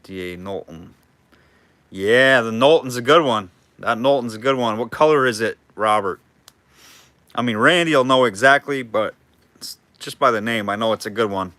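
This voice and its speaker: Male auctioneer for a live online sale, chatty and jokey, bright forward voice, calls bids in between banter. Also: mid-range voice, moderate pace, no echo. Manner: chatty, jokey, reads out bids and names viewers.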